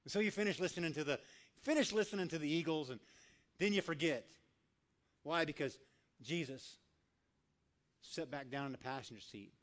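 Animated man telling a sermon story. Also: a little high, normal speed, long pauses. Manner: animated storyteller acting out voices, dropping soft for quiet lines. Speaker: guest speaker.

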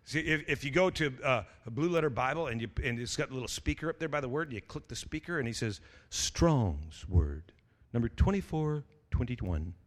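Fiery high-voiced preacher in a reverberant hall. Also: male voice, quick pace, hardly any pauses. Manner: animated, stammering restarts, shouted exclamations, jokey asides. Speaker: pastor. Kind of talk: energetic sermon.

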